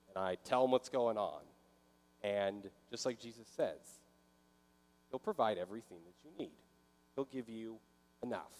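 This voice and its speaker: A man's voice: lowish voice, a little mellow. A man delivers a sermon in an easy, conversational manner. He sometimes slips into short voices of a worried listener. His voice rings with a long hall reverb. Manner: conversational, acts out inner voices. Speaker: pastor.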